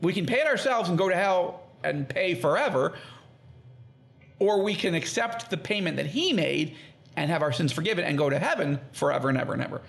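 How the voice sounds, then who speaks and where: Fairly quick and a little high, his gravelly voice belongs to a man guesting on a podcast. He teaches on the Bible conversationally, bringing animation and acting out quoted lines with lively tones.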